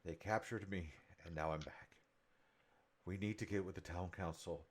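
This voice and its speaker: Man playing a beaten-up elf ex-prisoner, halting and urgent, very deep voice, tabletop game. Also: slight background noise, lightly acted. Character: battered male elf escaped prisoner, urgent.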